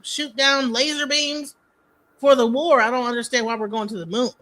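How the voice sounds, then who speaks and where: A man's voice: extremely high pitch, fairly even intonation, normal speed, sharp tone. A man co-hosting a casual podcast, rambling and heated, swearing freely. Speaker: podcast co-host. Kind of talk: casual chat.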